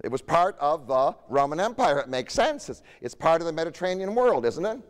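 A man's voice: a little high, sing-song, fairly quick, long reverb tail. A man giving a history lecture in a conversational way, often tossing rhetorical questions to his audience.

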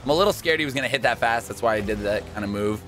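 A young man in casual, jokey gameplay commentary, excitable and quick to shout and laugh. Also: medium pitch, slight background noise. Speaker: gaming YouTuber.

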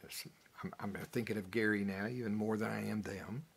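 A pastor delivers a sermon in a low, somewhat husky voice. He preaches in a folksy, animated way, chuckling now and then as he works through the passage. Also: fairly quick. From United States. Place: church.

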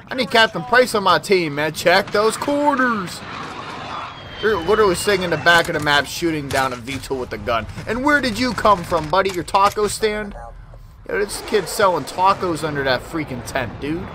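A man's voice: high voice, animated, normal speed, noisy background. A man giving casual gameplay commentary, trash-talking with lots of slang. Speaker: gaming YouTuber. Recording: game gunfire loud in background.

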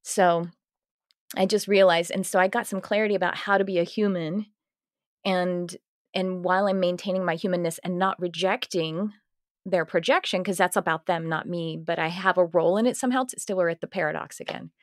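A woman hosting a podcast, telling stories in a lively, laughing way with lots of restarts. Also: on the low side, a little fast, dry recording, clean studio sound. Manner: animated storytelling, laughing often, self-interrupting restarts. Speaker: podcast host. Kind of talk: casual conversational interview.

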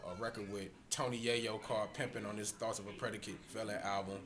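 A man's voice: lowish voice, flat delivery, fast, fairly bright tone. Laid-back male producer, hesitant. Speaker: music producer guest. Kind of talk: casual interview.

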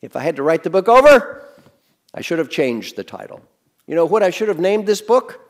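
A man's voice: high-pitched, sing-song, a little fast. A man giving an interactive, joking business lecture to a class, quizzing the audience and giving them exercises. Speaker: business speaker teaching a class.

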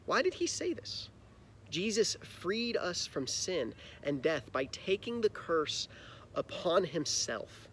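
A man's voice: a little high, sing-song, slow, slight background noise. A man teaching a children's church lesson, retelling a Bible story simply and asking the kids questions. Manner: friendly, explains simply and asks kids questions.

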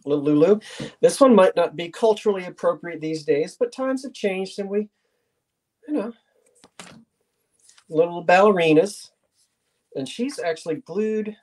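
A man's voice: high-pitched, animated, a little slow, pauses often, a little mellow. Middle-aged male auctioneer, chatty, playful, reminiscing between lots. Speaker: auction host. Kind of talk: live online sale chat.

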